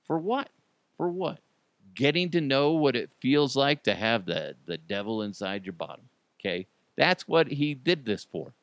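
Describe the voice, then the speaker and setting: A man hosting a comedy podcast, riffing in an animated, jokey way with mock outrage and silly voices. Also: medium pitch, moderate pace, clear, resonant tone, no echo. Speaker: podcast host.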